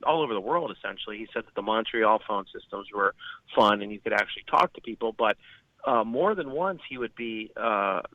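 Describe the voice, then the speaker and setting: A man's voice: fairly low pitch, no echo. A man talking at length on a podcast, rambling with many fillers and restarts. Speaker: podcast guest. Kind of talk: conversational podcast talk. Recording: dull lo-fi sound.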